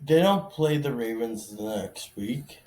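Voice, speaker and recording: A man's voice: mid-range voice, lively intonation, unhurried, dark tone. A man co-hosting a podcast with a cold, chiming in with short, laid-back remarks in casual sports chat. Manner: laid-back, brief interjections. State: has a cold. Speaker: podcast co-host. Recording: echoey room with faint noise.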